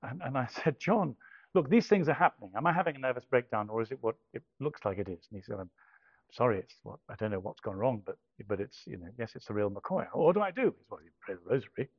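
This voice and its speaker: A middle-aged man from England telling a personal story, halting and self-deprecating with many restarts. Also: mid-range voice, expressive, dry recording. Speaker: speaker telling a conversion story. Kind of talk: anecdotal storytelling talk. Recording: dull lo-fi dry recording.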